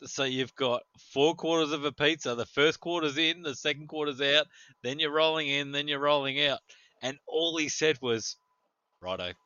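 Bright, animated man. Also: fairly high pitch, moderate pace, smooth, dry recording. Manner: animated, laughs while telling stories. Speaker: podcast co-host. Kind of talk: casual storytelling chat. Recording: dull, lo-fi sound.

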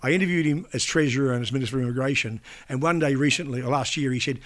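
An older veteran broadcaster with a mid-range, fairly even voice talks quickly with hardly any pauses. In a casual interview he tells rambling anecdotes, restarts sentences, and breaks into imitations of people he met.

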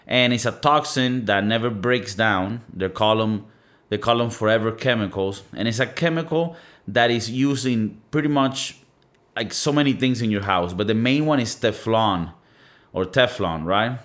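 A young man hosting his own podcast, talking casually in a rambling, profane, animated way. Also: lowish voice, moderate pace. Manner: animated, profane, rambling with playful mock-singing. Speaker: podcast host. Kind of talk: casual solo podcast rant.

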